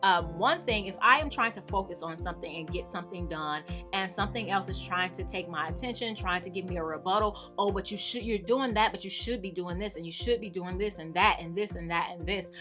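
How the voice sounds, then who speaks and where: A middle-aged woman and mother talking casually to camera as the host of her vlog, animated and at times sassy and emphatic. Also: fairly low pitch, a little fast, few pauses, music in the background. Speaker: YouTube creator.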